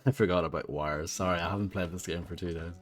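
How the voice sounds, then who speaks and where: Low-voiced man streaming a game. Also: fairly even intonation, quick pace, soft background music. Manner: rambling, self-deprecating, chats with viewers. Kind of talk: casual live gameplay chat.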